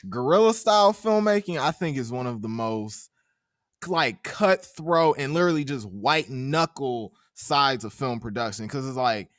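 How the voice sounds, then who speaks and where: A young adult man hosting an interview, casual and expressive, asking long, earnest questions. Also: mid-range voice, moderate pace, no echo, clean studio sound. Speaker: interviewer host.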